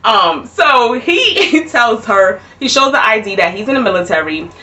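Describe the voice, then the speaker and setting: A young adult woman telling a casual storytime, animated and laughing, often repeating herself. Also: on the high side, normal speed. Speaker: vlogger. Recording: voice a bit far from mic.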